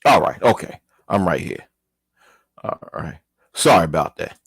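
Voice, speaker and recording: A man's voice: deep voice, very animated, unhurried, gravelly, fairly bright tone, breathy edge, dry recording. A man hosting his own channel, reading a news article aloud and commenting in a casual way, with an apology or a mild curse now and then.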